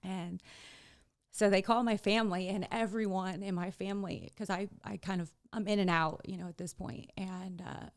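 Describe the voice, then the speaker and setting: A woman's voice: medium pitch, steady tone, normal speed. A young woman guest in an interview, telling her own painful story bluntly and tearfully, swearing freely. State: tearful, emotional. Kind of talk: candid personal storytelling.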